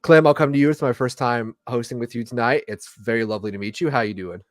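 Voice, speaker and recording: A man's voice: mid-range voice, fast, no room sound, studio quality. A man hosting a casual livestream chat, joking through his introductions. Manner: jokey, playful introductions. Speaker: podcast host.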